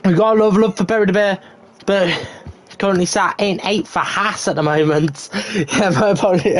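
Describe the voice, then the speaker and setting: A British man giving chatty live sim racing commentary from home, swearing casually and bursting into excited play-by-play. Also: sits high, brisk, rough recording. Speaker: race commentator. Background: faint household noise.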